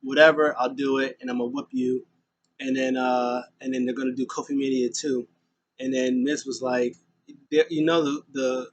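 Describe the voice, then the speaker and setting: A man's voice: medium pitch, low-quality recording. A man hosting a casual recap vlog of a wrestling show. He rambles, fills gaps with "uh" and "um", and acts out the lines of the people he quotes.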